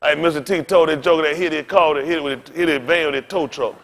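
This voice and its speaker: A male pastor with a slightly higher voice preaches in a loose, conversational way. His pitch and volume climb and drop sharply. He keeps turning to the congregation with direct asides. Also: steady tone, fast talker. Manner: casual preaching with big swings in pitch and loudness. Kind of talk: sermon.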